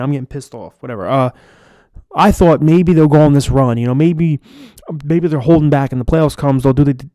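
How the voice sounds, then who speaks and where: A man's voice: mid-range voice, dark tone, clean tone, no room sound, studio quality. A man giving a frustrated, profane, rambling rant as a sports fan vlogger. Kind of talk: ranting fan commentary.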